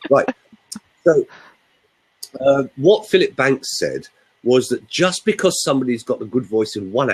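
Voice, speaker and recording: Older man, husky, lively pitch, chatty voice coach. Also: low-quality recording. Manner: chatty, animated storyteller. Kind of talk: casual webinar chat.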